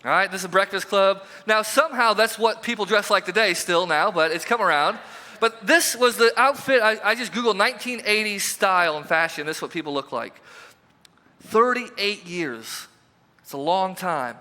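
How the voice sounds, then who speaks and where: A pastor giving a conversational, emphatic sermon, asking the congregation repeated questions, recorded in a church sanctuary. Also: male voice, high-pitched, normal speed, bright, forceful tone. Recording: reverberant church hall.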